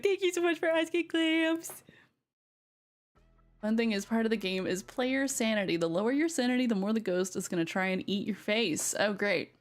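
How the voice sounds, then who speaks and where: A woman from the Southern United States, speaking at medium pitch with a Southern American accent, chats casually with her live stream viewers as she plays. She giggles often and brightly greets newcomers.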